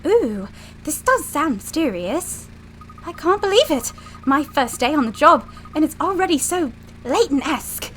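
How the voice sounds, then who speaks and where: A woman voicing an eager, excitable young female assistant, reading game lines in a bubbly, exclamatory way. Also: sits high, measured pace, soft background music, pitched above the performer's own voice, exaggerated voice, poor audio. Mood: excited.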